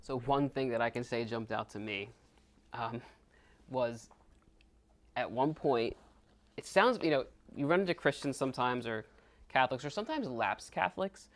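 A man in a casual church retreat discussion, talking in an animated, rambling way full of fillers and restarts. His voice sits at an ordinary middle pitch. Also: normal speed, pauses often. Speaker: retreat co-presenter.

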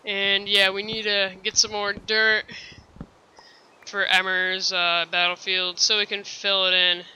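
A gamer recording a let's play at home, complaining and often clearing a thick-sounding throat. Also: mid-range voice, level tone, unhurried, pushed and bright, highs cut off, slight background noise. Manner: easily frustrated, complaining aloud. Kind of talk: casual game commentary.

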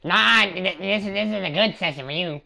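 Gravelly, sharp-voiced man teasing crudely. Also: high voice, normal speed. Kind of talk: casual roasting among friends. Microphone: headset on online game voice chat.

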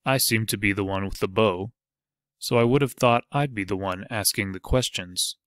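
A man's voice: lowish voice, moderate pace, fairly bright tone, no echo, clean studio sound, natural voice. A man voicing a wary cowled outlaw leader who talks in a curt, demanding way.

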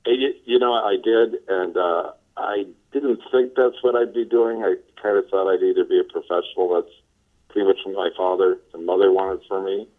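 A man from the Los Angeles area, a sales trainer being interviewed, telling his story in a relaxed way with many fillers. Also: low-pitched, moderate pace. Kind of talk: casual phone interview. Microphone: telephone. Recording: tinny phone line.

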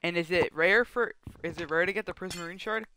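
A man's voice: high voice, brisk, bright, forceful tone, a little hiss or hum. A man streaming a survival game, chatting and joking goofily with friends and chat. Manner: goofy, joking, bantering with chat. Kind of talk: casual gaming chat.

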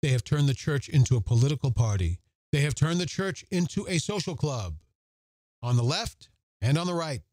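Earnest man with a mellow voice. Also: a little high, expressive, normal speed, no room sound. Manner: earnest, emphatic, repeats phrases for emphasis; reads scripture aloud and comments on it. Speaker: podcast host. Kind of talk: reflective Catholic podcast commentary.

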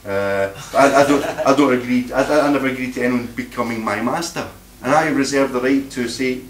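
A man's voice: medium pitch, fairly quick, few pauses, slight background noise. Male meeting speaker, combative and plain-spoken, recorded far off in an echoey room. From Scotland. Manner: blunt, combative, repeats words while searching. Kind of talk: informal talk to a live audience.

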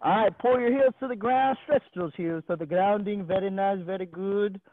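Upbeat coach on a tinny video call. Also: male voice, high voice, normal speed, dry recording. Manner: upbeat, encouraging, counts reps aloud and jokes with the kids. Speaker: gymnastics coach. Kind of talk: leading a live online exercise class.

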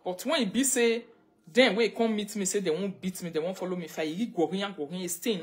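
A woman's voice: medium pitch, fairly quick, slightly rough. A woman with a Nigerian Pidgin accent hosting a casual live stream, greeting viewers and chatting, sometimes breaking into chanted prayer lines, speaking into a phone. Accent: Nigerian Pidgin English.

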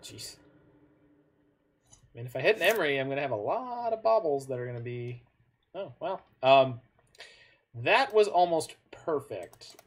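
A man's voice: medium pitch, very animated, moderate pace, pauses often. A man giving casual commentary on his own online card game matches, thinking aloud with frequent self-corrections and asides.

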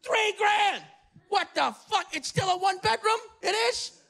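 A man voicing a cranky old retired New Yorker, yelling in outrage. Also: very high-pitched, very animated, a little slow, gravelly, voice pushed up, exaggerated voice. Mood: outraged. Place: apartment, live audience.

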